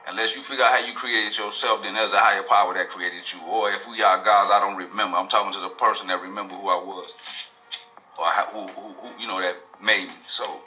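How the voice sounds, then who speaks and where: A man's voice: on the low side, steady tone, brisk, pushed and bright, a little hiss or hum, low-quality recording. A man telling his own life story in a casual, profane, rambling way, full of street slang. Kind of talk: casual personal testimony.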